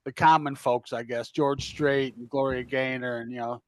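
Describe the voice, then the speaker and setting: An older man with a middle-pitched voice in relaxed conversation as a podcast co-host. He is easygoing and agreeable, adds facts, and sounds close and dry. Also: normal speed, no echo. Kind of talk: casual chat.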